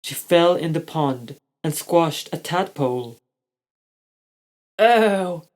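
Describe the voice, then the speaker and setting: A storyteller reading a child's story aloud. The reading is slow and steady, with a middle-pitched voice and an even delivery.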